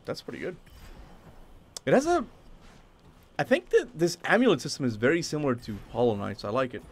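A man streaming a video game, chatting casually and excitably as he plays, with the odd swear. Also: mid-range voice, fairly quick, long pauses. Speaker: gaming streamer. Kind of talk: casual live gameplay commentary.

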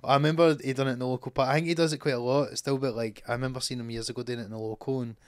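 A man's voice: medium pitch, steady tone, rapid-fire, clear, resonant tone. A man co-hosting a podcast, telling stories animatedly in casual chat and swearing freely. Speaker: podcast co-host.

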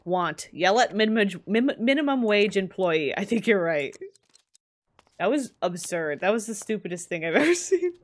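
Woman, game streamer, chatty, excitable, lively swooping pitch. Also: normal speed. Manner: chatty, excitable, laughs often. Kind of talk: casual let's-play commentary.

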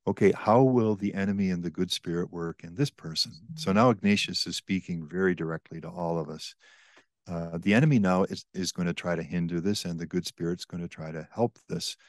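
An older man with a deep, low voice speaks as a priest and author explaining spiritual teaching on a podcast. His delivery is measured, reflective and earnest. The sound is dry and close, with no room echo.

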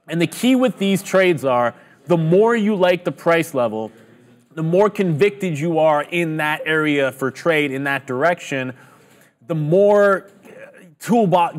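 A man giving a trading lesson in an emphatic, instructive way. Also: fairly high pitch. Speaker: trading educator.

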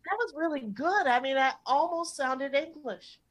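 Older woman improviser, brash, swears a lot, a touch high, heard over a video call. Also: normal speed, a bit bright. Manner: brash, swears freely, exasperated. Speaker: improv comedian. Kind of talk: improvised comedy scene.

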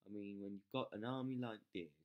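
A gamer commentating live gameplay, excitable, yelling at troops, swearing and mocking themself. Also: low voice, fairly quick, lo-fi sound. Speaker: game channel host.

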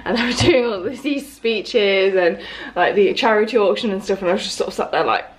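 A young woman talking casually to camera in a vlog, chatty and expressive, often exasperated. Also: mid-range voice, brisk, a little hiss or hum. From United Kingdom. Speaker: lifestyle vlogger.

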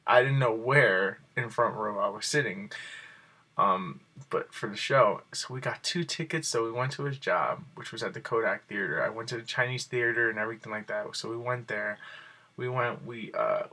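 A man vlogs casually in a somewhat low voice with a bright, tense edge and a husky grain. He tells his story in an excited, rambling way and leans on fillers as he goes. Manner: excited and rambling, many fillers like "like" and "you know". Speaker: video blogger.

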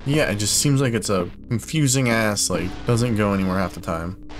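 A young man commentating a horror game as he plays, frustrated and confused, swearing often and breaking into loud startled yelps. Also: fairly low pitch, normal speed. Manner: frustrated, swearing a lot, bursts of loud surprise. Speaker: gaming YouTuber. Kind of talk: let's play commentary. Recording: game music playing behind.

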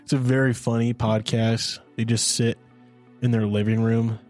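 A man's voice: medium pitch, flat delivery, moderate pace, a little mellow, faint music behind. A man co-hosting a podcast, chatting casually and telling rambling stories full of fillers. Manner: rambling, filler-heavy storytelling. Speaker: podcast co-host. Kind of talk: casual chat.

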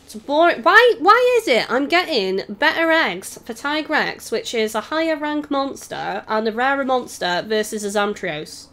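On a desk microphone, a young gaming streamer from England, whose accent mixes Scouse, Welsh and English, keeps up chatty, giggly let's-play commentary and reads chat aloud. She sits high and sounds very animated and fairly bright, unhurried but with few pauses.

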